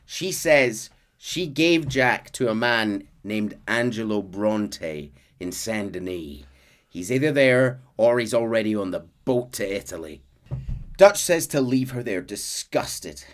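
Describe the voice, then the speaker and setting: A man on a podcast, casually retelling a game's plot with lively bursts and fillers. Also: fairly low pitch, slow pace. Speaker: podcast host recapping a game story. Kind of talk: casual storytelling recap.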